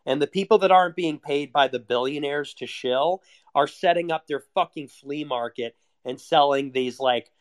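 A man's voice: fairly high pitch, moderate pace. A man delivering a heated, sarcastic, profane rant as a solo monologue. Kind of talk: ranting monologue.

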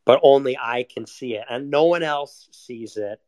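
A man's voice: mid-range voice, normal speed, darkish tone. A young man ranting casually, sardonic and profane, laughing often. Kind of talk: casual rant.

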